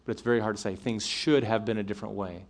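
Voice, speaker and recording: A man's voice: lowish voice, fairly even intonation, quick pace. A man giving a conversational talk to college students, with many fillers and restarts, checking in with his listeners. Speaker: speaker addressing college students. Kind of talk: apologetics talk to a live audience.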